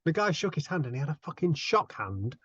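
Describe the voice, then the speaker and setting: A man's voice: on the high side, slightly rough, dry recording, highs cut off. A man, a tabletop player, swearing freely as he retells a game session among friends. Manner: swearing, animated storytelling, quick asides. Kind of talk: casual chat among friends.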